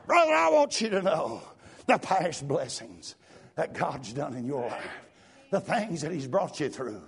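A man's voice: on the high side, very animated, measured pace, creaky, breathy edge. An older man preaching a fervent revival sermon in a church. He speaks in rhythmic bursts and puts an "uh" before nearly every phrase. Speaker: guest preacher.

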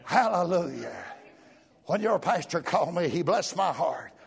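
A man's voice: fairly high pitch, expressive, moderate pace, creaky, breathy edge. An older man preaching a fervent revival sermon in a church. He speaks in rhythmic bursts and puts an "uh" before nearly every phrase. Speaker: guest preacher.

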